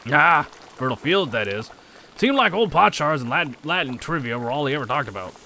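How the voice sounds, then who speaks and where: Man reading a practical, blunt farmer with a lively delivery. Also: a little high, brisk, a little hiss or hum, voice pushed up, heavily acted. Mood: matter-of-fact. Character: plain-spoken male farmer, practical and down to earth.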